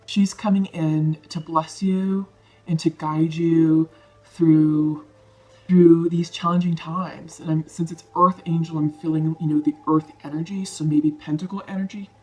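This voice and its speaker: A woman giving a tarot card reading to her viewers, soft-spoken, emotional and reassuring. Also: low-pitched, fairly even intonation, measured pace. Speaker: tarot reader.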